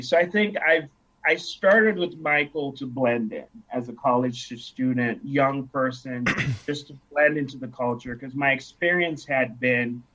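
A man's voice: mid-range voice, a bit bright. A man in his thirties from Nigeria, telling stories in a casual interview and acting out the dialogue. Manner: reflective storyteller who acts out quoted dialogue. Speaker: interview guest. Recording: dull lo-fi sound.

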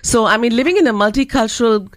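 A woman with a slightly high voice speaks as a guest on a radio show. She sounds upbeat and encouraging as she describes her work. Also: animated, fast. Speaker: laughter trainer guest. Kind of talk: radio interview. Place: radio studio.

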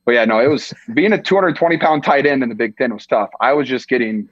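Fast and mid-range, the young podcast guest is a tight end from Iowa chatting casually on a lo-fi, echo-free recording. His laid-back manner comes through in constant fillers like "like" and "dude."

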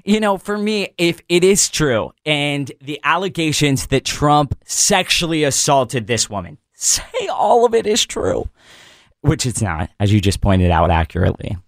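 A man at a dry, close studio mic hosting talk radio. He talks quickly in a mocking tone and sides readily with his guest. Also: fairly high pitch, very animated, no echo. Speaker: radio host.

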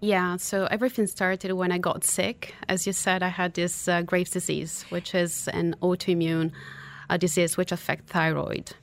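A woman from Italy with an Italian accent and English as a second language, openly telling her personal story as an interview guest in an earnest, slightly halting way. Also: on the low side, level tone, vocal fry. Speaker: guest, author and motivational speaker.

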